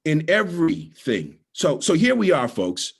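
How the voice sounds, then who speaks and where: A man's voice: on the high side, huge pitch swings, measured pace, creaky, slightly rough. A middle-aged man from the Bahamas with a Bahamian accent, giving a motivational storytelling talk as guest speaker and repeating key lines for emphasis.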